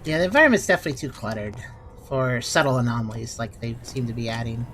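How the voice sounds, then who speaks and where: A woman's voice: very deep voice, expressive, fast, fairly bright tone, a little hiss or hum. A woman giving casual, sarcastic commentary while playing a video game. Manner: sarcastic, critical. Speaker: let's play host.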